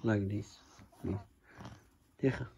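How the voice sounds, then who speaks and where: A man talking to his small daughter at home in a home vlog, patient and gently coaxing, in simple broken English. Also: lowish voice, fairly even intonation, slow pace, gravelly, a little hiss or hum. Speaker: father filming his young daughter. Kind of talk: casual home vlog talk to a child.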